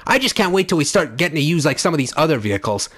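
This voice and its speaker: A man hosting a let's play, commenting excitedly, shouting and swearing at enemies over game music. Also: fairly high pitch, rapid-fire, slightly rough. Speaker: gaming channel host.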